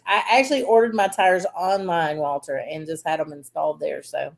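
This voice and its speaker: A woman's voice: lowish voice, brisk, creaky, hardly any pauses. Chatty woman co-host. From Southern US. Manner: chatty storyteller, animated when telling stories, laughs often. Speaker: podcast co-host. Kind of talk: casual chat.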